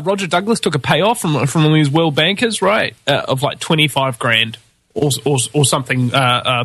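A man's voice: mid-range voice, pushed and bright. A man from New Zealand, with a New Zealand accent, delivering an angry, sarcastic, blunt political rant as a commentator. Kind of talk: ranting monologue.

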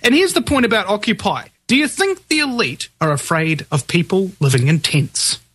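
A male guest in a casual conversation talks in an animated, disbelieving way and rambles through his points with fillers. His voice is high and bright. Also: moderate pace, slightly rough. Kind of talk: casual chat.

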